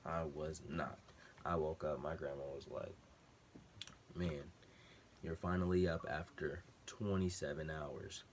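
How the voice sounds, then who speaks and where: A young man with a low, deep voice tells a personal story in loose, slangy casual talk. He acts out the other people's lines as he goes. A faint hum of room noise sits behind him. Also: measured pace, long pauses. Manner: animated slangy storytelling, acting out quotes. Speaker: vlogger.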